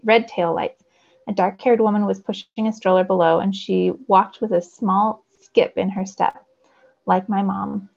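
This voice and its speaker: A woman's voice: mid-range voice, gravelly. A woman teacher reading a novel aloud expressively for her students, on a dull lo-fi recording. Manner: expressive storytelling.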